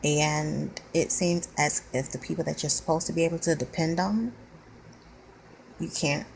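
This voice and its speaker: Weary woman venting, low gravelly voice. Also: steady tone, moderate pace, darkish tone, slight background noise, rough recording. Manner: blunt and plainspoken, weary. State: near tears. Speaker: vlogger. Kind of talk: venting monologue to camera.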